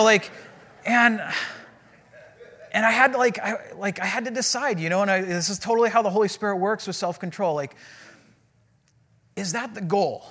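High-voiced man preaching. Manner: animated conversational storytelling. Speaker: pastor. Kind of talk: sermon.

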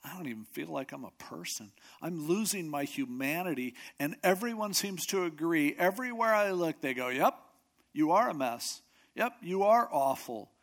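A man's voice: a little high, expressive, normal speed, a bit bright. A man voicing a despairing ancient male psalmist who feels forsaken, speaking in a plaintive, pleading way.

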